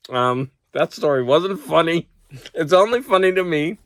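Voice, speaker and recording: A schoolteacher who vlogs sits at home talking casually to a close-up camera, his voice on the high side, a bit bright, and at a moderate pace with no room sound. He's getting over a cold, so he rambles, laughs often at his own stories, and talks to his dog.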